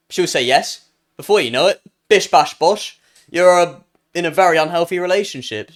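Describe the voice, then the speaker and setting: A man's voice: fairly high pitch, moderate pace. A young British man streaming live, reacting to chat with jokes and playful banter, often trailing off and restarting his sentences.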